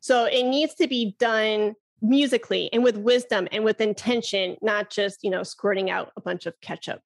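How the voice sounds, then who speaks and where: A woman flute teacher, a guest in a casual interview, who talks with enthusiasm, laughs easily and demonstrates breathy "ha" sounds. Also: medium pitch, moderate pace.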